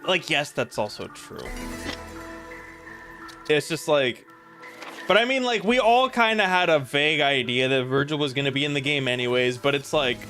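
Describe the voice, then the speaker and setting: Brief: young male let's-player, swears a lot, animated rants, slightly high voice. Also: moderate pace, long pauses, faint music behind. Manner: profane, ranting, animated storytelling. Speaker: gaming streamer. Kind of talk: casual let's-play chat.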